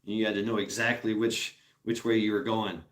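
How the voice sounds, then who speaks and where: A man's voice: lowish voice, steady tone, fairly quick. Guy rambling to his chat, swears a lot, keeps laughing, voice bouncing around a roomy space. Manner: rambling, profane, laughs often. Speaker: streamer host. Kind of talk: casual chat with viewers.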